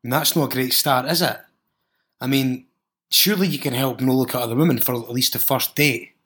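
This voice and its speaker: A man with a Scottish accent, hosting a solo podcast and reading out listener stories, with frequent swearing, laughing asides and animated reactions. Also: medium pitch, fairly quick. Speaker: podcast host.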